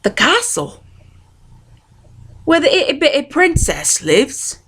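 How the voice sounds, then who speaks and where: A woman's voice: sits high, very animated, slow pace, a bit bright, voice pushed up, full character voice. A woman voicing a rustic, hopeful twelve-year-old servant girl who speaks in folksy dialect. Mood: eager.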